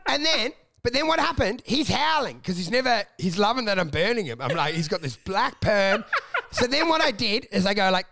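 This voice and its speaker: A man's voice: very high voice, very animated, normal speed, creaky, pushed and bright. A young man telling comedy stories on a casual podcast, swearing freely and acting out characters.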